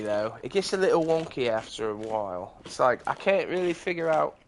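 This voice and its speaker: A man's voice: mid-range voice, animated, brisk, few pauses, low-quality recording. A young man chatting casually while streaming a game, rambling and swearing freely. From United States. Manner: loose, rambling, frequent swearing. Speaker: livestreamer. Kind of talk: casual gaming livestream chat.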